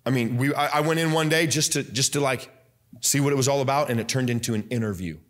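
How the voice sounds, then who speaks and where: A young man preaching a fiery Baptist sermon, loud and emphatic, repeating scripture lines and swinging from soft asides up to high, excited preaching. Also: fast. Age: young adult. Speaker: pastor.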